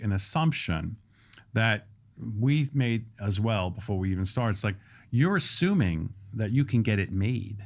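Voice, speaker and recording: A man in his sixties, a restaurant owner and guest on a podcast interview, explaining things at length in a steady, detailed way. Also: mid-range voice.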